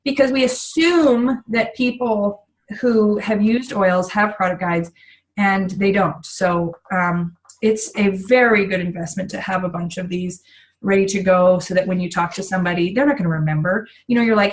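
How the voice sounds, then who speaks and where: Middle-aged woman, casual trainer, chatty with lots of fillers, mid-pitched voice. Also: moderate pace, poor audio. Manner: chatty, many fillers and asides. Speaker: essential oils business trainer.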